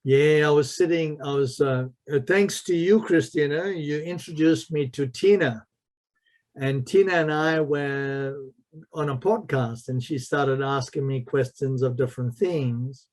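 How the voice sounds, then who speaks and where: This martial arts master and spiritual mentor has a slightly mellow voice on the high side and keeps a measured pace. Sharing stories during a podcast interview, he hammers home his points by repeating key phrases.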